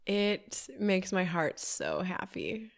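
A woman who runs healing events, speaking gently and slowly in an affirming, supportive way on a podcast. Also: fairly low pitch, huge pitch swings. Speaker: retreat facilitator. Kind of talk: podcast conversation.

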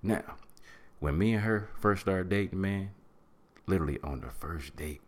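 A middle-aged man hosting a podcast, giving animated, preachy advice in casual talk and acting out what people say. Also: deep voice, moderate pace. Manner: preachy, animated, acts out quotes and hums. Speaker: podcast host.

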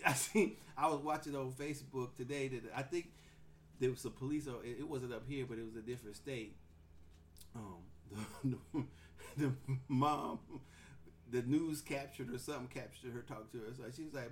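A man's voice: medium pitch, moderate pace, slight background noise. A man in his forties hosting a podcast in casual chat, telling stories animatedly, acting out quotes and laughing often. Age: 40s. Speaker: podcast host.

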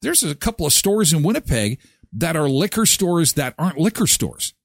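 A man's voice: fairly high pitch, normal speed, breathy edge, no echo, studio quality. A man from Canada hosting a casual live morning show, chatting and reading sponsor spots. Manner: chatty and animated, jumps into quoted voices.

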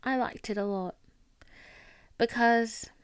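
A woman's voice: on the high side, fairly even intonation, takes it slowly, smooth, dry recording. A woman in her twenties hosting a podcast in casual chat, chatty, full of "like" and casual swearing, into a studio mic. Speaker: podcast host.

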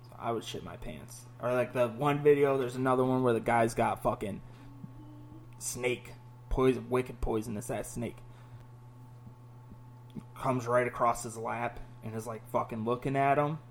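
A man telling stories in a casual podcast chat, animated and full of swearing. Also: medium pitch, unhurried, long pauses, slight background noise. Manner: profane, animated storytelling. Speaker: podcast host.

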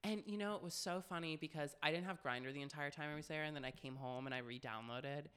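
A man's voice: on the high side, quick pace, a bit bright, clear, resonant tone. A young man co-hosting a podcast, telling frank, profane stories in casual chat with constant "like" fillers. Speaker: podcast co-host.

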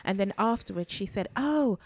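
A woman's voice: mid-range voice, moderate pace, clean tone, no echo. A woman chatting casually as a guest, telling her story with lots of life and acting out what people said. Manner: animated storyteller, acts out quoted voices. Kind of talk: casual chat.

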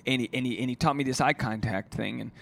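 A man's voice: medium pitch, fast, gravelly, a bit bright. A man who is a stand-up comedian, talking alone on his podcast in a rambling, profane, casual way. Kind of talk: solo podcast monologue.

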